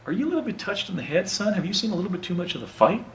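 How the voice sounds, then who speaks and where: A man doing a high, mocking Union army officer. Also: big pitch swings, rapid-fire, slight background noise. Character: suspicious Union army officer, grown man, chewing an apple. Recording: roomy echo, mic at a distance, faint ambience.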